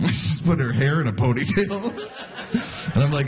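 A man's voice: mid-range voice, sing-song, measured pace. A man in his forties from Canada doing a stand-up comedy set, telling stories in a laid-back way and laughing at his own jokes. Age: 40s. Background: audience laughter.

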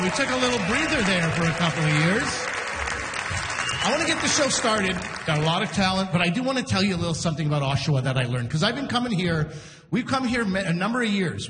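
A man hosting a live comedy show, telling a story on stage in a chatty, animated way, acting out the people in it. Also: high-pitched, a little fast, over a noisy crowd, very noisy. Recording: echoey hall from a distance.

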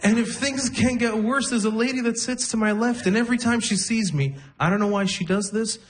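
Deadpan stand-up comedian man, slightly high. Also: brisk. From immigrant to Canada. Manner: deadpan storytelling, breaks into laughter, acts out voices. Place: comedy club stage with audience.

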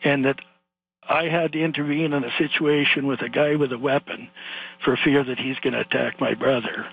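An older Canadian man calling in to a radio show, telling a long story in a rambling, animated way with laughs along the way. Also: mid-range voice, moderate pace, vocal fry, soft background music. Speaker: caller. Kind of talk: phone-in storytelling. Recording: muffled phone line.

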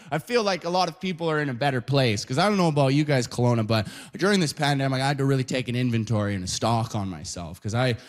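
A male stand-up comedian from Canada telling an animated story, tagging nearly every line with "right?" or "you know?". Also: medium pitch.

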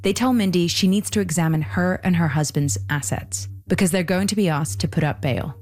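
A woman hosting and narrating a documentary podcast in a measured, scripted delivery. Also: lowish voice, a little mellow, faint music behind.

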